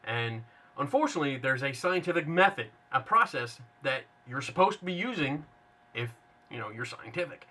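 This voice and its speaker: A man's voice: mid-range voice, lively intonation, normal speed, pushed and bright. A man hosting a casual, unscripted monologue, blunt and sarcastic, rambling with frequent restarts. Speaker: paranormal skeptic host.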